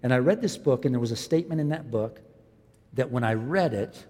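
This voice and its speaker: A man in his fifties preaching a sermon as a pastor, swinging from loud, impassioned lines to quiet, low ones. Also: expressive, brisk. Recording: long hall reverb.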